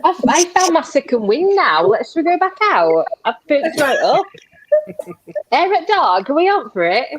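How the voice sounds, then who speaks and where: A woman's voice: sits high, big pitch swings, unhurried, a little hiss or hum, low-quality recording. A woman guest on a live show, giggly and teasing in casual banter. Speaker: paranormal investigator guest.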